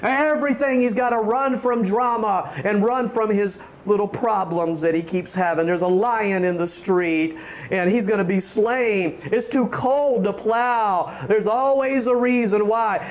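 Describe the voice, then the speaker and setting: A man preaching a fervent sermon as pastor, often stammering on restarts and building to shouts. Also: high voice, normal speed, a little hiss or hum.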